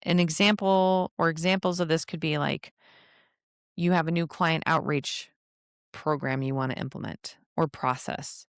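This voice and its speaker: Low-voiced chatty woman podcaster. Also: steady tone, moderate pace, dry recording, studio quality. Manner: chatty, laughs often, asides to herself. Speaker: podcast host and travel advisor. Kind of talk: casual solo podcast advice.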